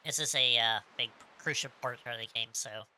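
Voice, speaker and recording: Bright-voiced streamer explaining a game. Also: medium pitch, moderate pace, a little hiss or hum. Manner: chatty, explains as they play. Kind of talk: casual game commentary.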